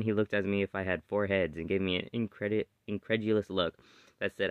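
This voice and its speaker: A man reading his original story aloud in steady first-person narration. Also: low-pitched, brisk, clean tone, no echo. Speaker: story reader.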